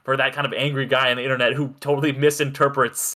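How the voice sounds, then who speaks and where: A man's voice: mid-range voice, little pitch movement, quick pace, bright, forceful tone. A man in casual podcast chat, hesitant and searching for his words.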